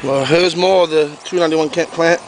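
Heard over poor audio with a slight hiss or hum, a man with a somewhat high voice and fairly even intonation talks a little fast. He's a pumpkin grower rambling and repeating himself on a casual walk through his garden outdoors, speaking to a handheld camera.

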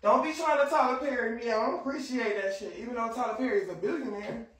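Very high-pitched and quick, with a fairly bright tone, this man runs a livestream. His casual chat with viewers is brash, profane and nonstop.

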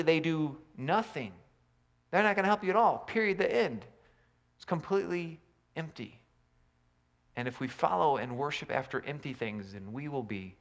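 A man preaching a sermon, swinging between loud emphatic lines and quiet low asides. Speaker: pastor.

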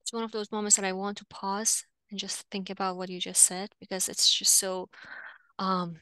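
Female therapist-host, bright voice with some fry, affirming, hesitant interviewer, dry close sound. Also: mid-range voice, dry recording, poor audio. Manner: affirming, with frequent mm-hmms and gentle hesitations. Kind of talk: interview questions and reflection.

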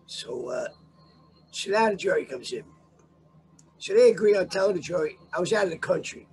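A man's voice: high-pitched, lively intonation, normal speed, gravelly, darkish tone, a little hiss or hum. An older man telling a long story with swearing and lots of animation, as a guest in a casual interview.

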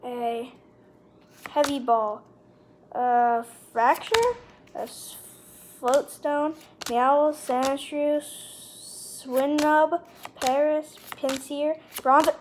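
High-voiced excitable woman opening cards. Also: slight background noise. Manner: excitable, gushing over pulls, lists cards quickly. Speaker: card unboxing vlogger. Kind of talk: casual unboxing commentary. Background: card and wrapper crinkling.

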